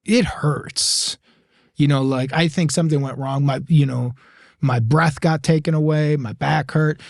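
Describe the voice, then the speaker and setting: A man with a somewhat raised pitch tells a story as a podcast guest, acting out each line of dialogue with lots of laughter. The sound is dry and close, with no room echo. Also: measured pace, vocal fry. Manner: animated, acts out quoted dialogue, laughs often. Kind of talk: casual storytelling.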